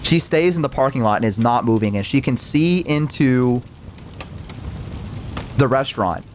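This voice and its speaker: A young man telling a casual story, animated, acting out the voices in it, with lots of fillers and casual swearing. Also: mid-range voice, normal speed, slight background noise. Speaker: VTuber storyteller.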